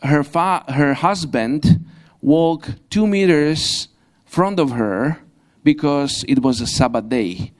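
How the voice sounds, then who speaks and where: A young man preaching a sermon in a church, pausing and restarting often, with grammar and the odd light laugh. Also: a little high, expressive. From Slovakia. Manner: halting, frequent restarts, non-native grammar, light laughs. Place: church hall.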